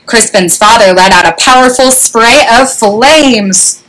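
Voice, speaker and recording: A woman reading a children's story aloud with an animated, expressive delivery, recorded on a webcam. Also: on the high side, measured pace, few pauses, rough recording.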